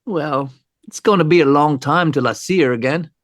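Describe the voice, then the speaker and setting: A man voicing a calm, self-absorbed British killer in a casual, chatty manner. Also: fairly high pitch, moderate pace, dry recording, clean studio sound, lightly acted.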